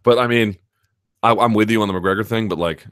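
Low-ish guy rambling thru a story, lots of ums, dry close sound. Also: fairly quick, fairly bright tone, smooth, dry recording. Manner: rambling storyteller, many fillers and restarts. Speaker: host. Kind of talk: casual live chat.

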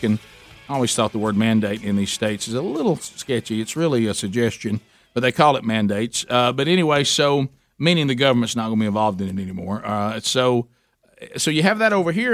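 A man co-hosting a talk radio show, reading news and chatting casually with a rambling, animated delivery. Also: mid-range voice, no echo, clean studio sound. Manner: rambling, animated when joking.

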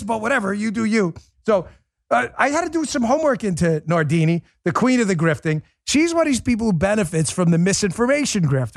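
A man hosts a political commentary show with a mocking, emphatic edge, his pitch sitting higher than most men's. The sound is dry and close, with no room around the voice. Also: no room sound. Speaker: podcast host.

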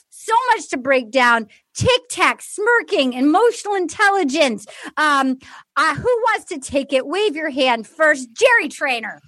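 A woman hosting a podcast, chatting and retelling a TV episode in an animated way. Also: high-pitched, measured pace, no echo. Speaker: podcast host. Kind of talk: casual chat, recapping a TV episode.

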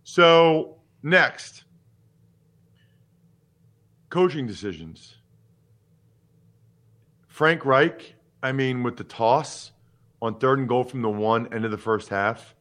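Bright-voiced, emphatic male podcast host. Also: medium pitch, slow, long pauses. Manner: animated, emphatic, opinionated and joking. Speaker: podcast host and former football player. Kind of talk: casual sports podcast chat.

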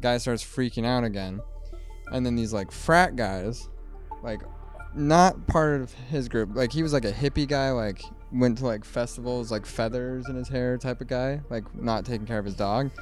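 A man's voice: medium pitch, moderate pace, faint music behind. A man in his twenties, a podcast guest, telling a story in a rambling, laid-back way full of "like". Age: 20s. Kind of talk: casual storytelling.

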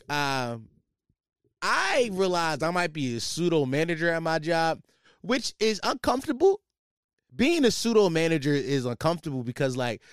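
A man's voice: fairly high pitch, smooth, no room sound, clean studio sound. A young man hosting a casual solo podcast, telling a rambling, profane story about his job, full of slang. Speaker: podcast host.

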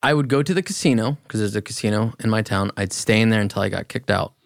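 A man's voice: fairly low pitch, fast, vocal fry, no room sound. A man appearing as a podcast guest, talking bluntly and casually and swearing now and then. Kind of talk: casual conversation.

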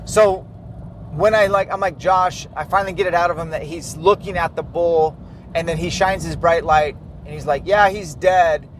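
A man's voice: a little high, normal speed, slight background noise. A man casually retelling a hunting trip, acting out quoted dialogue. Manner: lively, acts out quoted dialogue. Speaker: hunter telling a hunting story. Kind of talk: casual storytelling chat.

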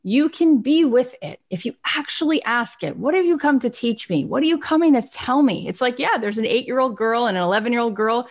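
A woman giving an expressive, animated motivational talk on personal growth. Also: on the high side, brisk, few pauses. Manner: expressive, acts out little scenes.

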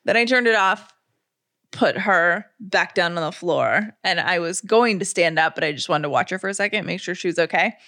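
A woman's voice: fairly low pitch, normal speed, sharp tone. A woman in her thirties co-hosting a podcast, telling a heartfelt story in a gushing, emotional way. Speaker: podcast co-host. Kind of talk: casual chat.

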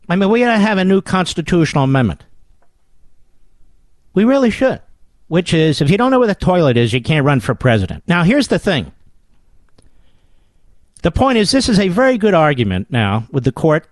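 A man's voice: on the high side, no echo, studio quality. A man hosting a political talk radio show, delivering a combative and sarcastic monologue.

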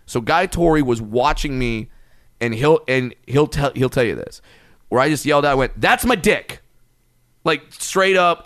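Male podcast host, casual storyteller, smooth clear voice, dry close mic, profane and animated. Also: mid-range voice, dry recording.

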